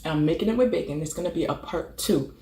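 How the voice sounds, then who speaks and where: Female food vlogger, casual mukbang chat, gravelly edge, echoey home room. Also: deep voice, quick pace, dark tone. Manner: chatty, savoring with frequent mm sounds between bites. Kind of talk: casual mukbang eating vlog.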